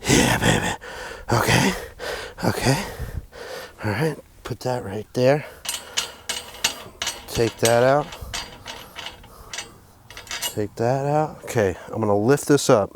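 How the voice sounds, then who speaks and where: A man's voice: mid-range voice, slow, long pauses, slight background noise. Cursing, joking man working on a tractor. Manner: profane, joking, muttering to himself. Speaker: DIY farm vlog host. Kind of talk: casual narrated self-talk while working. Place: outdoors on a farm by a tractor.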